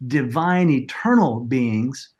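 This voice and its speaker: A man's voice: mid-range voice, animated, darkish tone, highs cut off. Earnest middle-aged man telling his story. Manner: earnest, reflective, halting. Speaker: podcast guest, author. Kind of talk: personal storytelling in interview.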